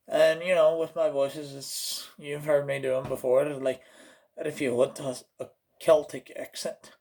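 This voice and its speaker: A man's voice: mid-range voice, fairly even intonation, unhurried, gravelly, a little mellow, a little hiss or hum. A man from Oklahoma with an Oklahoma accent, hosting a comedic vlog in a rambling, jokey way that keeps slipping into put-on voices. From Oklahoma, USA. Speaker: host.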